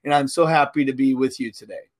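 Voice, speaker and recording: A man's voice: medium pitch, quick pace. A middle-aged man, a pastor co-hosting a podcast, talking casually and earnestly, with many fillers and restarts. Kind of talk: casual podcast Bible discussion.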